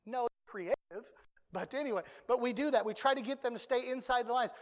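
An older man preaching a sermon as a pastor, talking conversationally and breaking into sudden loud outbursts. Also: very high voice, brisk, in a large hall.

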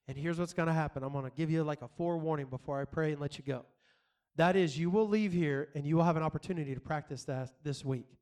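A middle-aged pastor preaching in a loose, chatty way, asking "why?" again and again and laughing between points. His voice sits high for a man. The delivery stays personal and encouraging. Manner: conversational, repetitive rhetorical questions, laughs often. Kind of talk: sermon.

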